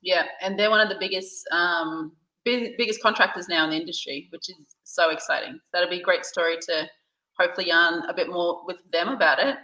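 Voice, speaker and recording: A woman's voice: on the low side, steady tone, brisk, sharp tone. A woman hosting a casual interview, enthusiastic and reading out viewer comments. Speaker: host. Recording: echoey room.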